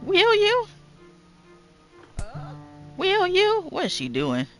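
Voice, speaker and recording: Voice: extremely high pitch, huge pitch swings, very slow, fairly bright tone, faint music behind, voice pushed up, exaggerated voice. A gamer voicing a scolding old wife while reading game dialogue aloud, with an indignant, berating manner.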